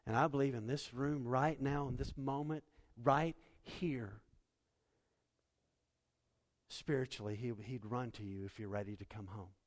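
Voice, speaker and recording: A male pastor preaching a sermon, swinging from hushed storytelling to loud, impassioned appeals. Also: medium pitch, fairly even intonation, unhurried.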